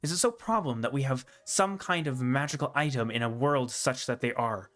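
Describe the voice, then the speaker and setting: A man's voice: mid-range voice, normal speed, fairly bright tone, natural voice. Man voicing a blunt orc woman leader. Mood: defensive.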